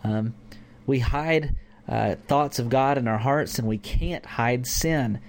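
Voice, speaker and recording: A man's voice: medium pitch, takes it slowly. A man teaching a conversational Bible lesson to a church group, informal with fillers. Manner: informal, with fillers and acted-out examples.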